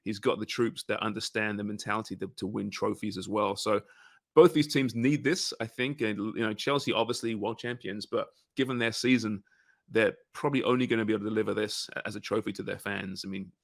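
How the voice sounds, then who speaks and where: A man's voice: fairly low pitch, fairly even intonation, fairly quick, gravelly, dry recording, studio quality. A man hosting a casual sports betting podcast, talking conversationally and often tagging his points with "right?" and "you know". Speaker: podcast host.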